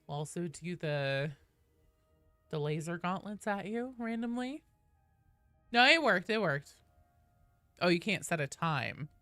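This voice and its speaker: Woman game streamer, lively swooping pitch, dry close sound. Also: unhurried, long pauses, no echo, soft background music. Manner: loud excited greetings, swears freely. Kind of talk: casual chat with stream viewers.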